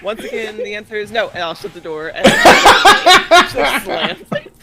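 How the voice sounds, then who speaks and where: A woman's voice: on the high side, huge pitch swings, unhurried, noisy background. A woman playing her character in a tabletop game, playful and emphatic. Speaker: player. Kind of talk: in-character role-play.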